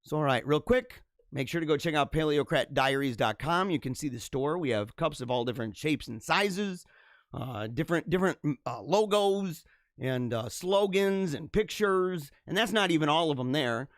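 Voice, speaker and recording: Male stream host, lively up-and-down delivery, slightly high voice, rambling, casual, dry close sound. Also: normal speed, no room sound. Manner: rambling, animated, laughs often. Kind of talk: casual live-stream commentary. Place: home basement studio with green screen.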